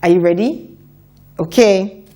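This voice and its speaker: A woman teaching a children's phonics lesson, sounding out letters and words slowly for young learners to repeat. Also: mid-range voice, dark tone. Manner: slow, deliberate, repeats sounds for children to echo.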